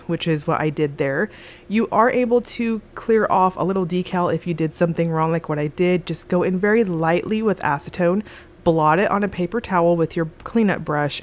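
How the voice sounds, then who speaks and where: A young woman narrating her nail art in a casual, relaxed voice-over, chatty and full of fillers. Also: on the low side.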